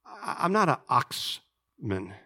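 A male preacher with a high, bright, forceful voice delivers a sermon. He talks conversationally, full of restarts and rhetorical questions, and swings from loud emphasis to hushed asides. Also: big pitch swings, slow, creaky.

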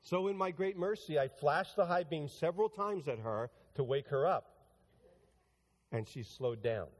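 A man's voice: fairly high pitch, expressive, moderate pace, long reverb tail. A man preaching a sermon to his church, talking conversationally and building to emphatic preaching. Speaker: pastor. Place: church sanctuary.

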